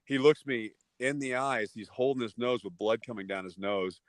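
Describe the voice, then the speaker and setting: A man in his forties from Texas, a podcast guest telling lively, casual anecdotes and acting out the voices in them. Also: medium pitch, moderate pace, dry recording. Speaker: podcast guest, former ballplayer. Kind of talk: casual storytelling.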